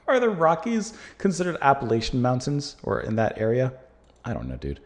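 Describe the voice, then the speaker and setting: A man's voice: mid-range voice, very animated, moderate pace. An American man hosting a music reaction channel, musing aloud in casual talk with plenty of fillers as he reviews a song.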